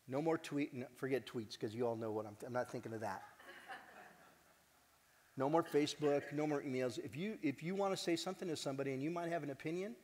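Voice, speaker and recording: A man giving a heartfelt conference talk as the organization's director, earnest and animated, joking with the audience now and then. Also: medium pitch, quick pace. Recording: long hall reverb.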